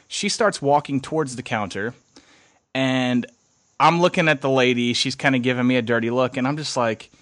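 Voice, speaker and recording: A young man tells a rambling story in a mid-pitched voice, swearing freely and acting out every quoted line. The sound is dry and close-miked, with no room around it. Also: moderate pace, no room sound. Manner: animated, swears, acts out quotes. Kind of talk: casual storytelling.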